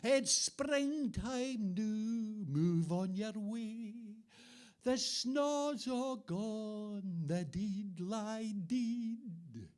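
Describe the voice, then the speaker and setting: A man recites poetry at a live event. He speaks slowly and deliberately, and his voice stays smooth and resonant all the way through. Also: sits high, a little mellow. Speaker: poet. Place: live venue.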